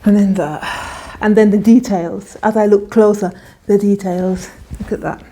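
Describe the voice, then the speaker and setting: A woman's voice: medium pitch, steady tone, normal speed, warm tone. A woman vlogger talking casually and enthusiastically through a clothing try-on haul, often restarting her sentences. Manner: chatty, enthusiastic, with frequent restarts.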